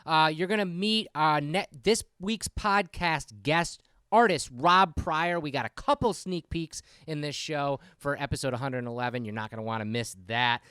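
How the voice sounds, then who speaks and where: A man hosting a podcast in casual chat, animated and rambling, laughing often. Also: on the high side, moderate pace, few pauses, clear, resonant tone, no echo, studio quality. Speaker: podcast host.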